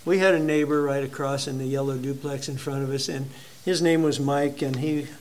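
A male pastor delivers a sermon in a conversational, halting manner, sharing a personal story with his congregation. His voice is mid-range and steady in tone.

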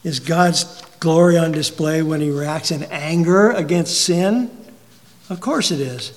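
A man preaching a sermon, asking the congregation rhetorical questions and swinging from emphatic peaks down to quiet, low asides. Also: a little slow. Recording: long hall reverb.

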